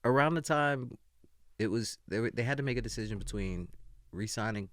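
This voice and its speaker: Speaking briskly at medium pitch, this young man co-hosts a podcast in a casual conversation. He animatedly recounts stories and acts out people's words, and the studio-quality audio has no room sound.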